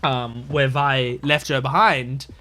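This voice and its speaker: A man's voice: medium pitch, fairly even intonation, slow pace, sharp tone. A man hosting a reaction video, talking through his thoughts casually with lots of fillers and restarts. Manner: rambling, filler-heavy, thinking aloud.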